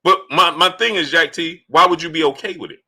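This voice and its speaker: A man's voice: on the high side, fairly quick, sharp tone. A man hosting a casual sports livestream, greeting viewers by name and repeating himself as he talks. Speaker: livestream sports host reading Super Chats. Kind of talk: casual live-stream talk.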